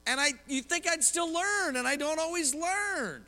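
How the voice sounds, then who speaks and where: Bright, high-voiced preacher. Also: male voice, normal speed. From Oklahoma, US. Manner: lively preaching with personal stories and questions to the congregation. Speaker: pastor. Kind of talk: sermon. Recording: long hall reverb.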